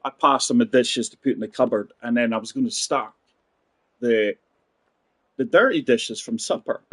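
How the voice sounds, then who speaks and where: A man doing casual gameplay chat, forties, husky, dry close sound. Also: medium pitch, normal speed, a bit bright, no room sound. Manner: chatty, rambling, talks to viewers as guys. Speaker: gaming channel host.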